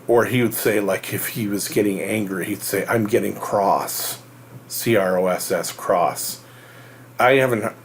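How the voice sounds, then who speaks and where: American male host, low voice, halting and rambling explainer with faint room hum behind. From United States. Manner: rambling, halting, many fillers and restarts. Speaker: real estate show host. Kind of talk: casual explanatory monologue.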